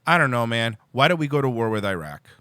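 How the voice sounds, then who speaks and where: Man, livestream host, political rant, exasperated, lively pitch, dry close sound. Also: quick pace, clear, resonant tone, dry recording. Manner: heated, exasperated, lots of restarts. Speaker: show host.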